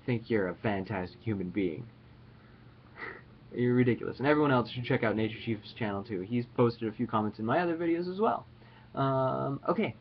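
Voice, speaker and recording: A man's voice: mid-range voice, lo-fi sound, a little hiss or hum. A man chatting casually to his viewers in a playful, jokey, rambling way. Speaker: vlogger. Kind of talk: casual chat to camera.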